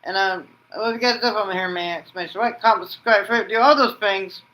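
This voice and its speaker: A man hosting a wrestling vlog, narrating an imagined match like play-by-play and shouting out the pin counts. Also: high-pitched, a little fast, poor audio. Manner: breaks into loud shouted pin counts and move calls; rambling, restarts sentences with "and then". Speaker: wrestling vlogger host. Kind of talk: excited fantasy-booking play-by-play.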